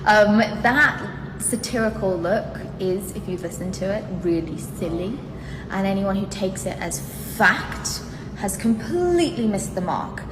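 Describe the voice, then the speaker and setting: A British woman talks in a brisk, breezy way, with a sarcastic edge. Her voice sits in a roomy space with a long, hanging echo. Steady background noise runs under her. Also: medium pitch. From Britain. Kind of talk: defensive statement video. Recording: echoey room with clear background noise.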